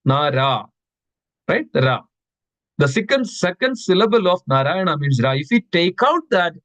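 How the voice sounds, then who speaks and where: A man's voice: on the high side, fairly bright tone, no echo, rough recording. A man giving a devotional scripture class, reciting verses and asking his listeners questions, often repeating words for stress. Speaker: class speaker.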